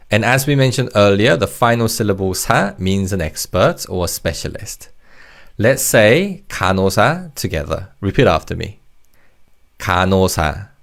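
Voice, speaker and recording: In this Korean vocabulary lesson taught in English, the male narrator has a fairly low, gravelly voice. He breaks words into their parts and guides learners through repetition drills, staying patient and encouraging.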